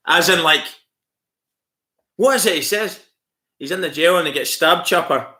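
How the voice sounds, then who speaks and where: A man's voice: on the high side, normal speed, long pauses, pushed and bright. A Scottish man chatting casually on a live stream, swearing freely and laughing often as he answers viewers. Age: adult with school-age kids.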